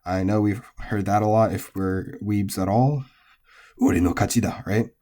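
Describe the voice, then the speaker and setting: A man explaining Japanese pitch accent in a patient, methodical lesson, with frequent fillers. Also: fairly even intonation, a little slow, mellow. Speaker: language teacher.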